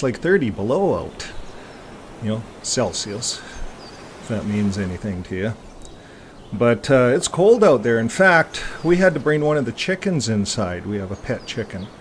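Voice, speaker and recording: A middle-aged man hosting his own talk show, chatting casually and rambling with plenty of filler pauses. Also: medium pitch, a little hiss or hum. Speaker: host of a faith talk show. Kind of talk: casual chat to viewers.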